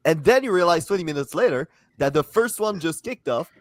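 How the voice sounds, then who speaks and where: A man's voice: fairly high pitch, lively intonation, a little fast, dry recording. Brief: male panelist, casual wry talk, close dry mic. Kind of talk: casual chat.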